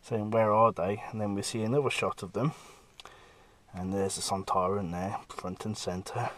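A comic artist talking casually through pages he has drawn, lively, now and then slipping into quick character voices. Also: on the low side. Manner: lively, breaks into brief character voices while retelling scenes. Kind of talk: casual walkthrough of his own work.

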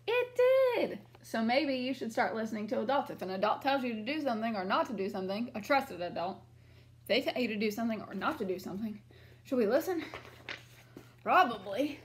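High-voiced woman teacher reading to kids. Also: expressive, fast, slight background noise. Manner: questioning, encouraging. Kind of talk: reading a picture book aloud to children.

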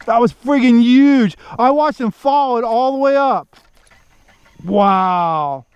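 A man filming himself bass fishing from a boat outdoors, cheering on every catch with casual commentary. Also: slow pace, clean tone, no room sound, highs cut off. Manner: excited, cheers on fish with stock phrases. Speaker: fishing vlogger.

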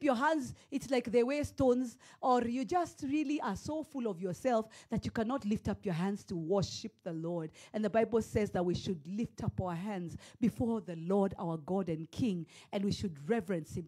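Woman, high-pitched, preaching at a church service, emphatic and repetitive. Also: warm tone. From Kenya. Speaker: pastor. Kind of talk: sermon.

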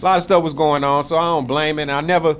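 Man guest, casual slangy talk, a bit high-pitched, gets loud and animated when riled. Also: fast, a little hiss or hum. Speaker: rapper guest. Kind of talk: casual interview chat.

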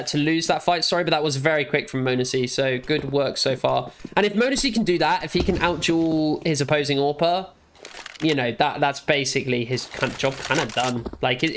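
A fairly high-pitched man talks through a match replay in a loose, joking and blunt way, full of fillers. He has the hiccups. Steady noise sits clearly behind his voice. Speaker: esports analyst reviewing a match demo. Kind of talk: casual commentary over gameplay footage.

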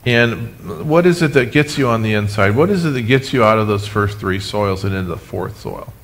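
A man preaching a sermon as pastor, animated, with humorous asides, speaking to his congregation and online viewers. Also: on the low side, normal speed. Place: church sanctuary, recorded for live stream.

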